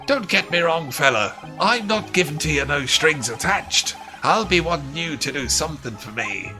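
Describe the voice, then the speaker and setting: Bombastic wealthy gent, wild put-on accent, big swooping pitch; a man plays him; game music under. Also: huge pitch swings, measured pace. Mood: blustering. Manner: theatrical, blustering, swooping pitch. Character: boastful rich middle-aged man, odd put-on accent.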